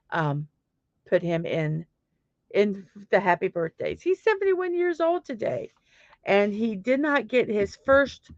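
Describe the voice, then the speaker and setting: A woman with a gravelly, slightly mellow mid-range voice hosts a casual morning livestream. Chatty and self-deprecating, she greets viewers by name as they show up. The lo-fi audio is dry and a bit muffled.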